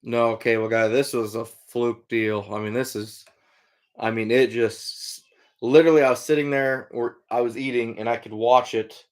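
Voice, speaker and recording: Responding to viewer comments on a casual livestream, a middle-aged Iowan trapper and hunter rambles in an easygoing way, leaning on fillers. His voice is mid-range with fairly even intonation and normal speed.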